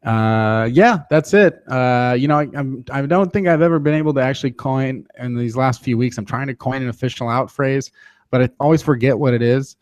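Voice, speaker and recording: A man's voice: medium pitch, brisk. A man hosting a sports podcast, chatting casually in a loose, self-deprecating way with lots of "uh" fillers. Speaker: podcast host.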